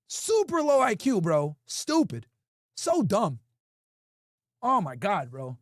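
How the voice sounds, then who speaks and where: This livestream host has a high-pitched voice that swoops wildly, speaking slowly with long pauses, no echo, and soft background music. He chats casually, reads viewers' comments aloud, and addresses chat directly in a blunt, profane way.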